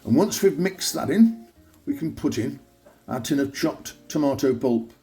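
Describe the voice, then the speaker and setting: A man's voice: mid-range voice, lively intonation, unhurried. A man hosting his own cooking show, chatting cheerfully as he walks through each step of a recipe. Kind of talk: cooking demonstration. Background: soft guitar music.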